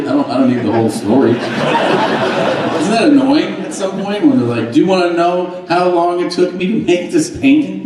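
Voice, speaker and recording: A man performing stand-up comedy with dry, profane storytelling and acted-out quotes at a large live venue. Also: a little high. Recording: distant, very echoey, loud crowd laughter.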